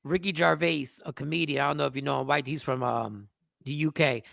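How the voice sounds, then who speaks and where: High gravelly man with animated storytelling. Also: fairly quick, dry recording, studio quality. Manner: animated storytelling, bursts into shouting. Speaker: podcast co-host. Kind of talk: casual chat.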